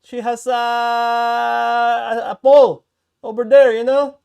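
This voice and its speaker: A man imitating his Filipino mother speaking English with a Filipino accent, halting and full of fillers. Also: very high voice, completely flat delivery, gravelly, a little mellow, clean tone, voice pushed up, heavily acted. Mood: gushing. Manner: halting, full of "uh" and "you know". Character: Filipino mom speaking English, fond and gushing.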